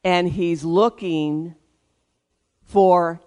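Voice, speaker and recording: Smooth-voiced preacher calling out to a congregation. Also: mid-range voice, steady tone, extremely slow, darkish tone. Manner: emphatic preaching with call-and-response. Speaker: pastor. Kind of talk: sermon.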